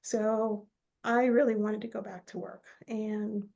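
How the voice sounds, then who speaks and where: A woman therapist speaking as a podcast guest, telling family stories in a lively conversational way and acting out relatives' words. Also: medium pitch, takes it slowly, creaky. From United States. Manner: animated storyteller who acts out quoted relatives. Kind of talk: conversational interview storytelling.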